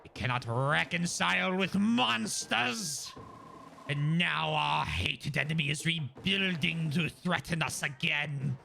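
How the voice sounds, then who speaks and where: A man voicing a fiery rebel leader who rouses a mob with slow, grand speeches. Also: on the high side, vocal fry, pushed and bright, slight background noise, heavily acted. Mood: rousing.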